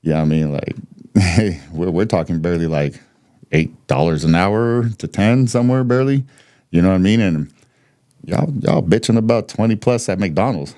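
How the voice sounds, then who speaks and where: With a deep, mellow voice at a moderate pace, this American man in his thirties tells his story as a podcast guest. He's candid and blunt, swears freely, and laughs between points.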